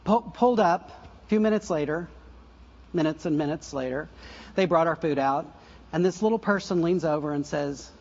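A fairly high-voiced older man preaches in an easy, conversational way, trailing into asides and correcting himself as he goes. His voice has a husky, breathy edge. The recording sounds slightly muffled and dull. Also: normal speed. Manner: laughs softly at his own stories. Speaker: pastor. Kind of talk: sermon.

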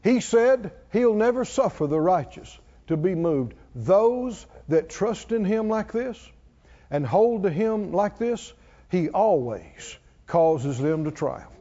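High-voiced preacher man, slow and drawn out, call and response, muffled churchy echo. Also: lively intonation. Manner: call-and-response, coaxing the congregation, rising to shouts. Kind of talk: sermon. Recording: dull sound with long hall reverb.

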